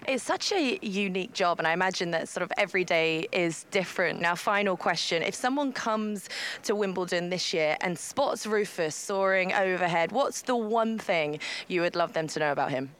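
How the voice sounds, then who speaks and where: Lively woman sports reporter. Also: on the low side, normal speed, smooth. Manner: friendly, presenter-like questioning. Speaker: sports reporter interviewing a guest. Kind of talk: upbeat broadcast interview.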